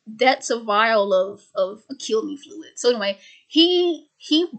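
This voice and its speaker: A woman's voice: a little high, expressive, slow, fairly bright tone. A woman who stutters, repeating words and restarting sentences as she casually explains a film's plot. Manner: loose and chatty, heavy use of "like". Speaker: video host recapping a film.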